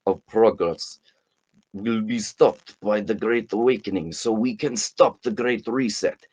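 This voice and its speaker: Man doing a mock-Russian accent, grandiose older philosopher, solemn declaiming, deep voice. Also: measured pace, a little mellow, slightly rough, poor audio.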